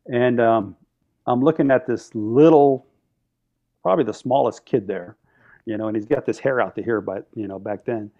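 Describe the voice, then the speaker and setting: A man telling stories on a podcast in a casual, animated way, acting out quotes and laughing often. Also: mid-range voice, normal speed, highs cut off. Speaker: podcast guest, drum line instructor. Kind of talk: casual storytelling.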